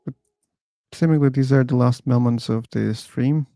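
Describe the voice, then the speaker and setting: A man hosting a livestream on a computer mic, thanking his chat one by one in a halting way. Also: mid-range voice, steady tone, gravelly, warm tone, no room sound, studio quality, faint music behind. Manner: slow, halting, reads out chat names. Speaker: livestream host.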